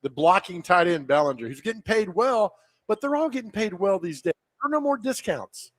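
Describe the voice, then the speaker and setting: A man's voice: high-pitched, lively intonation, brisk, a bit bright, no echo. A man hosting a live sports talk radio show from a hotel, chatting casually and telling rambling jokes. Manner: joking, rambling storyteller. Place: live remote broadcast from a hotel.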